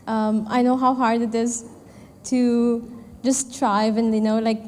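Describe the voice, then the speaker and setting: A woman's voice: on the high side, little pitch movement, slow pace, a little mellow. Young woman speaking in an echoing hall. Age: 20s. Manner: candid, chatty, many fillers, acts out quoted dialogue. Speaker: startup founder and event speaker. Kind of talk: personal story speech to an audience. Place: event hall. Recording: long hall reverb.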